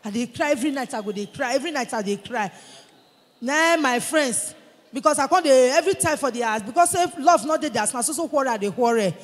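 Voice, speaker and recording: A woman in her forties with a Nigerian Pidgin English accent, giving an animated testimony in church and acting out what others said to her. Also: high-pitched, fast. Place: large church hall. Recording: long church-hall reverb.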